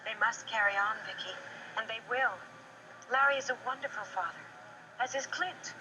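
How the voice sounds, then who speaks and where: A woman's voice: fairly high pitch, normal speed, lo-fi sound, background noise, close to an everyday voice. An actress playing a soothing, reassuring mother's spirit in heaven in a soap opera.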